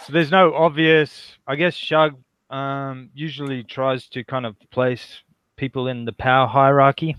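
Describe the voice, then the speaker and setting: A man playing a tabletop game, thinking aloud in casual, halting speech. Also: medium pitch, little pitch movement, fairly bright tone, clean tone, dry recording. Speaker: player.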